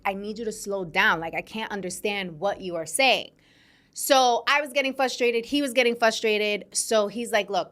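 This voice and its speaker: Woman host, 30s, from New York City. Animated, conversational, laughs easily. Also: fairly high pitch. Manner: chatty and animated, laughs often, addresses listeners directly. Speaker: podcast host. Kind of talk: casual storytelling monologue. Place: studio.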